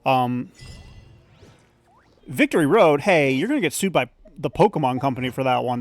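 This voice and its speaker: A man's voice: medium pitch, expressive, normal speed. A man hosting a let's play, giving casual, rambling, opinionated commentary and swearing casually.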